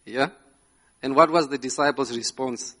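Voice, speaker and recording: With a mid-range, slightly bright voice, a man preaches unhurriedly to a live congregation while slides are shown. He's emphatic, frequently asks "yeah?", and laughs between phrases.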